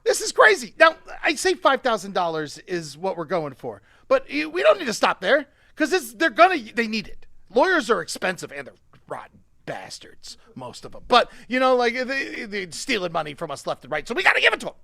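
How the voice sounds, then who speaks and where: Man, high voice, comedy show host, profane, excitable ranting, dry close sound. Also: brisk, creaky, hardly any pauses, no echo. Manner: profane, excitable ranting that swings between quiet asides and shouting. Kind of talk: live-streamed comedy show opening.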